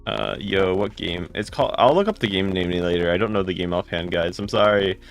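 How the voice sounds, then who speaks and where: A man live streaming a game, rattling off quick greetings and answering chat comments in casual talk. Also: low voice, big pitch swings, creaky, faint music behind. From United States.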